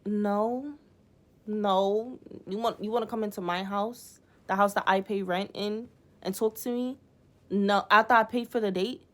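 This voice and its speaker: A young woman recounts a bad date in a casual storytime, animated and exasperated, with frequent swearing. She acts out what others said as she goes. Her voice sits at an everyday pitch. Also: moderate pace. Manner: animated, profane, exasperated retelling with acted-out quotes.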